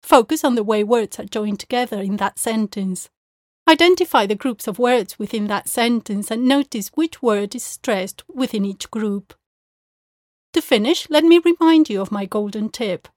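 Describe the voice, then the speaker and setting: A woman teacher giving a scripted pronunciation lesson, explaining clearly and modelling words slowly, recorded close to the mic. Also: a little high, a little mellow, no echo.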